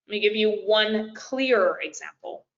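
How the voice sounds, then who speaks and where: A woman's voice: medium pitch, lively intonation, unhurried. A woman business coach giving a live webinar presentation, talking directly and casually to her audience with frequent fillers. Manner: chatty and direct, addresses "you guys", frequent fillers. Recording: lo-fi webinar audio.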